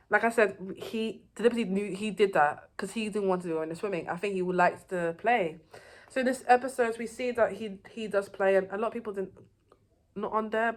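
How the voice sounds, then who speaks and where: A woman giving a casual, rambling recap of a TV season, with loose phrasing and frequent restarts. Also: medium pitch. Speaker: TV show reviewer.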